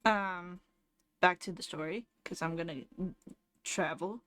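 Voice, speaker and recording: A woman's voice: on the low side, measured pace, a bit bright, a little hiss or hum. A young woman streamer casually telling a rambling personal story, often laughing as she goes.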